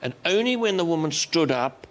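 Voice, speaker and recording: A man's voice: a little high, animated. An older Australian man telling wry stories as a guest on a chat show. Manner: wry, unhurried storytelling. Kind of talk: anecdotal chat show talk. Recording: noisy television studio.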